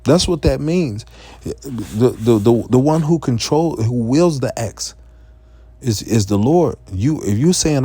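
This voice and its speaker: A man giving a profane, impassioned street-preaching rant, full of stammered restarts and sudden rises to near-shouting. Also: mid-range voice, lively intonation, unhurried, breathy edge, no echo.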